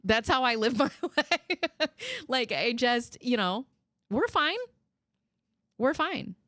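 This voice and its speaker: A woman hosting a casual chat show, telling animated stories, mimicking people in high, raised voices and swearing freely. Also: slow pace, no echo, clean studio sound. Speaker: host.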